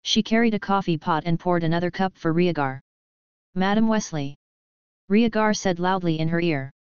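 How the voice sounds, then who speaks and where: Woman narrating in a smooth, low voice. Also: a little fast, no room sound. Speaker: audiobook narrator. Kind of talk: scripted narration. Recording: dull lo-fi dry audio.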